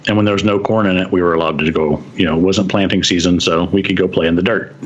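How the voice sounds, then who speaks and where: A man's voice: sits low, steady tone, fast, slightly rough, highs cut off. A man from West Texas, a podcast guest telling stories in casual chat and chuckling often as he goes. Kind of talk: casual storytelling.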